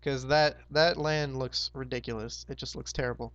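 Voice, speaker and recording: A hoarse young man hosting a roleplay game, casually recapping the map in a rambling, laid-back way with lots of fillers. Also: medium pitch, steady tone, normal speed, fairly bright tone, dry recording, highs cut off. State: hoarse, sore throat.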